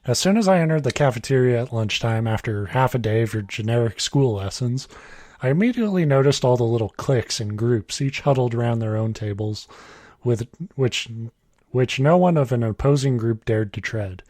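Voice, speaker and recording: Guy around thirty reading a story on a podcast, fixes his own flubs, normal pitch, dry close mic. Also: expressive, moderate pace, darkish tone, no echo. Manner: reads aloud with asides, chuckles, self-corrections. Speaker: podcast host reading a horror story aloud. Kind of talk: casual podcast chat and reading.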